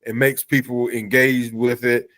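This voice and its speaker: A man's voice: mid-range voice, level tone, a bit bright. A man hosting an interview show who talks with enthusiasm and stumbles over his words as he praises his guest's comic. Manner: enthusiastic, halting with restarts. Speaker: podcast host. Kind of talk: casual interview chat.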